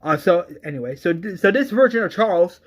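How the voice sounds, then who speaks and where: A movie reviewer ranting in an exasperated, excitable way, stumbling over restarts and swearing often. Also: mid-range voice, brisk.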